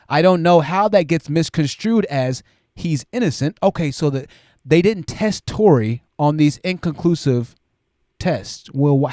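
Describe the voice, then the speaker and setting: Man, live-stream commentary, reads super chats, exclaiming, high lively voice. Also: no room sound, studio quality. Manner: animated, exclaiming, thinks aloud.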